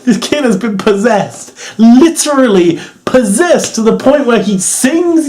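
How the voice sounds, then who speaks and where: A man's voice: very high voice, big pitch swings, slow, a little mellow. Rambling English man reviewing wrestling. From England. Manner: rambling, laughs often, swears casually. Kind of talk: casual video review.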